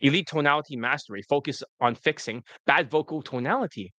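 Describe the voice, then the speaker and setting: A man's voice: on the high side, fairly quick, few pauses, bright, forceful tone, no room sound. A man coaching on a casual live stream, reading answers aloud, cursing at slips and retaking lines, with "right?" tossed in often. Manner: cusses freely, asks "right?" as he talks. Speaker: dating coach.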